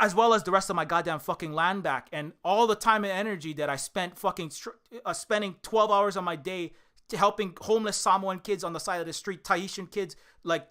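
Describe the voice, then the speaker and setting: An indie game developer from Hawaii delivers a heated, profane rant straight to camera. His voice is high-pitched and a little fast, and he repeats himself, swinging between shouting and weariness.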